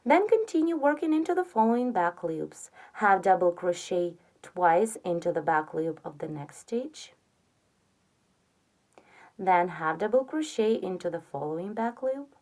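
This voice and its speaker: Woman crochet instructor, slow and patient, lively pitch, counts stitches softly. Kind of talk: step-by-step tutorial narration.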